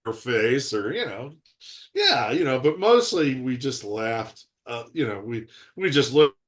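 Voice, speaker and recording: With a mid-range voice and a measured pace, a man in his sixties, an actor, spins meandering, animated tales during a video call interview, laughing often.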